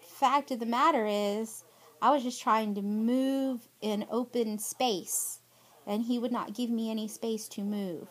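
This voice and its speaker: High-voiced, aggrieved woman. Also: steady tone, unhurried. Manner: aggrieved, emphatic, pleading. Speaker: vlogger. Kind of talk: spoken personal statement.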